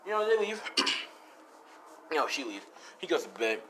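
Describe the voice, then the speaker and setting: A man's voice: fairly high pitch, expressive, normal speed, fairly bright tone, slight background noise. A man narrating an improvised fan story in a rambling, self-correcting way, with casual swearing.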